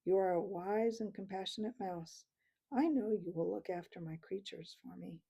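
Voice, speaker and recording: A woman reading the part of a dying old male abbot mouse, speaking slowly and tenderly. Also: medium pitch, creaky, dark tone, slightly rough, muffled recording. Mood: gentle, fatherly. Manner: slow, tender, fatherly.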